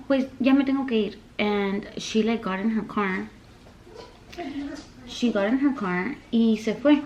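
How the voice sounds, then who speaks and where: Young woman vlogger, casual and rambling, mid pitch with vocal fry, code-switching Spanish. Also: slight background noise, low-quality recording. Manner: rambling, filler-heavy, mixes English and Spanish. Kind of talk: casual storytime.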